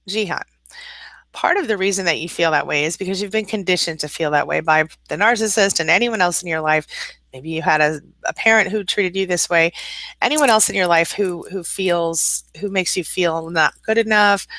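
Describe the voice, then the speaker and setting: A woman's voice: lowish voice, a bit bright, no echo. A woman hosting a casual live-stream coaching chat, laughing often, greeting viewers by name and giving encouraging advice. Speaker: life coach and channel host.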